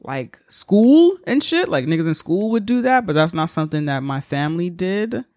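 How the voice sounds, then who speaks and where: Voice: medium pitch, very animated, normal speed, a little mellow, no room sound, studio quality. A podcast co-host in playful, joking casual chat, riffing with the other host.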